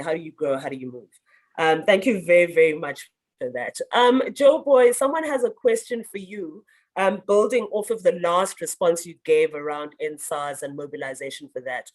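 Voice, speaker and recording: A woman hosting an online Q&A, out of breath and bubbly, laughing between questions. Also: on the low side. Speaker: moderator of an online youth talk. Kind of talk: lively hosted Q&A.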